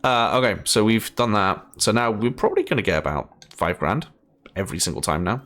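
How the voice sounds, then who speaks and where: A man's voice: fairly low pitch, sing-song, fairly quick, a bit bright. A Scottish man giving casual, chatty commentary as he plays a game, laughing often and thinking aloud. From Scotland. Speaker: gaming streamer.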